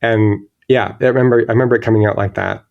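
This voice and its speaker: A man's voice: on the low side, steady tone, fast, creaky, dull audio. A man speaking as a guest in an interview, thoughtful and searching, often restarting his sentences. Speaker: guest illustrator. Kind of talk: reflective interview talk.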